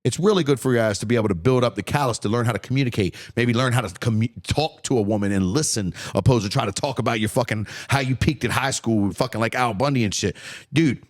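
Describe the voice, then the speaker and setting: A man's voice: mid-range voice, quick pace. Blunt, profane man in his forties. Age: 40s. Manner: profane, blunt, heated, repeats words when worked up. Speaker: podcast host. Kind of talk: solo podcast rant.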